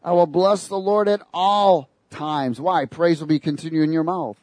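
Animated preacher man, fairly high voice. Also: moderate pace, no room sound. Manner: animated, sarcastic, chuckles between points. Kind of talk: sermon.

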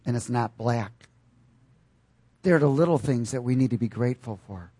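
A man preaches with animation, calling out questions to his flock and breaking into loud bursts now and then. His mid-range voice is husky and moves at a moderate pace, and the recording is dry.

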